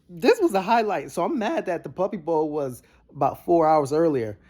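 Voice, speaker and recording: A young adult man, giving casual reaction commentary that swings from low grumbles to excited bursts. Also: fairly quick. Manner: animated, jumps between low grumbles and high excited bursts. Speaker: vlogger reacting to a broadcast.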